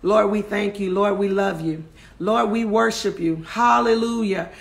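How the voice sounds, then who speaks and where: A woman preaching and praying fast and passionately, often raising her voice to a shout. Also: mid-range voice, gravelly. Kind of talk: fervent online sermon and prayer.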